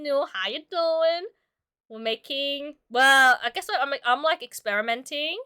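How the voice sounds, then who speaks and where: Drawing as she talks, this woman streamer and illustrator chats casually and giggly with viewers, full of filler words, coughing occasionally because she's sick. Her voice sits high, expressive and clean, pushed and bright, at a moderate pace.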